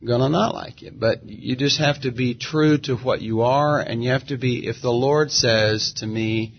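A man's voice: medium pitch, breathy edge. A middle-aged man, a gospel singer as interview guest, telling stories in an easygoing, reflective way. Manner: easygoing, reflective, drawn-out storyteller. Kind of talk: relaxed conversational storytelling. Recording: dull, muffled audio.

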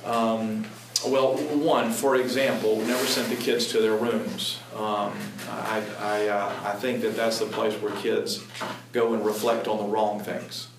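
A man earnestly talking about Christian parenting in a halting, emphatic way. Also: lowish voice, flat delivery. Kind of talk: conversational talk. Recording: echoey room, distant mic, background noise.

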